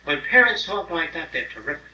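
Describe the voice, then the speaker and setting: A man's voice: fairly high pitch, sing-song, fairly quick, pushed and bright, muffled recording. Blunt, profane older man lecturing. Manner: blunt, profane, acts out other people's voices. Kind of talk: informal lecture to an audience. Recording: roomy, distant mic, faint hiss on an old tape.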